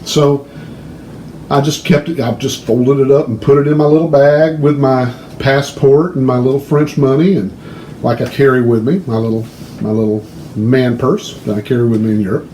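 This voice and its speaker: A man telling a long story in a casual, animated way, hosting his own show. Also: medium pitch, moderate pace, echoey room, slight background noise, poor audio.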